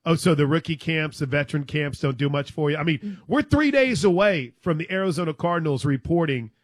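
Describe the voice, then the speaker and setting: A man's voice: fairly high pitch, expressive, fairly quick, dry recording. A man co-hosting a casual sports talk show, upbeat and teasing.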